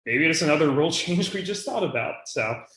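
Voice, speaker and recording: A man's voice: on the high side, lively intonation, brisk, a bit bright, roomy sound, rough recording. A young man co-hosting a fantasy league podcast, chatting casually and thinking aloud with lots of fillers. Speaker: podcast co-host.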